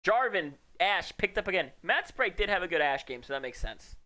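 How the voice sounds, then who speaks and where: A man's voice: high voice, big pitch swings, brisk, sharp tone. A man casting an esports match, joking, teasing his co-caster and bragging in playful color commentary.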